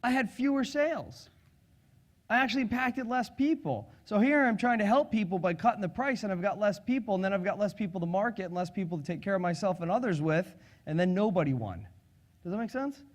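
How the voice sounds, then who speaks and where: A middle-aged man giving a live sales seminar, energetic and joking, asking the audience questions. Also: high-pitched, brisk. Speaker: sales and public speaking trainer.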